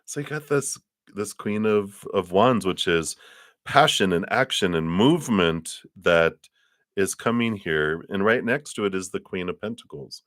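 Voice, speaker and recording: Man, very low voice, dry close sound; tarot reader talking a viewer through a spread, encouraging and rambly. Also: animated, unhurried, a bit bright, no echo. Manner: rambling, encouraging, many fillers and restarts. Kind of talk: live tarot reading to a viewer.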